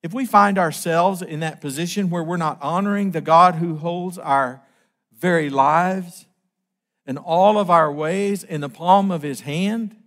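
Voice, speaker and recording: A middle-aged man preaching a sermon, emphatic and slowing down on key phrases. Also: sits high, a bit bright.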